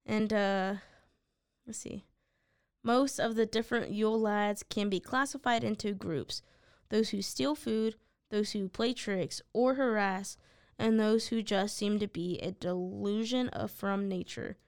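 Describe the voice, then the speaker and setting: A woman's voice: mid-range voice, steady tone, unhurried, clear, resonant tone, dry recording. A woman co-hosting a podcast, reading facts from notes and answering with dry, blunt quips. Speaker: podcast co-host. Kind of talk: casual chat, reading notes.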